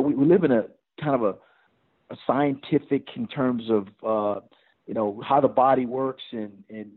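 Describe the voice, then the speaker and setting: A middle-aged man, a head football coach, talking in a rambling way full of restarts and fillers. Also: mid-range voice. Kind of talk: podcast interview over phone. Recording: tinny phone line.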